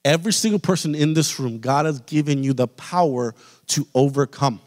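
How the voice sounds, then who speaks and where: A man in the pastor's role preaching a sermon with an American accent, building to forceful emphasis and asking repeated rhetorical questions. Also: a little high, moderate pace. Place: church sanctuary. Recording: long hall reverb.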